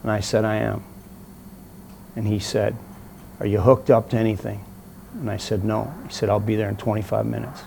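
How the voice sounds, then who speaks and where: A man's voice: fairly low pitch, normal speed, gravelly, long pauses, slight background noise. A middle-aged man, an interview guest, telling a story casually and acting out the voices of the people in it. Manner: animated storyteller, acts out quoted voices.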